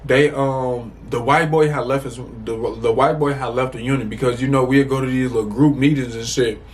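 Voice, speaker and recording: A young man chats straight to the camera in a loose storytime vlog, swearing freely and circling back on himself as he tries to remember details. His voice sits at an ordinary middle pitch, and a faint hiss of room noise runs underneath. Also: moderate pace. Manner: animated, profane, rambling with restarts. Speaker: storytime vlogger. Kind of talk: casual storytime.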